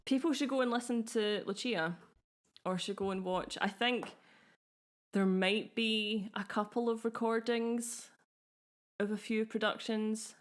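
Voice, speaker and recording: A woman's voice: a little high, steady tone, measured pace. A young woman co-hosting a podcast, talking in an easy, enthusiastic way and laughing often. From Scotland. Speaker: podcast co-host. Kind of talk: casual podcast chat.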